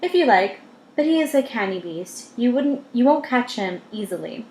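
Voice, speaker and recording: Woman reading as a steady veteran soldier. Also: on the high side, normal speed, a little hiss or hum, natural voice. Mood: measured. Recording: roomy echo.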